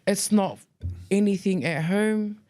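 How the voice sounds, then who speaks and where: A woman, co-hosting a podcast, telling school stories in a casual, lively way, acting out quoted voices and mixing in Tongan words. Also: medium pitch, slow pace, faint music behind. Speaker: podcast co-host. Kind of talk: casual storytelling chat.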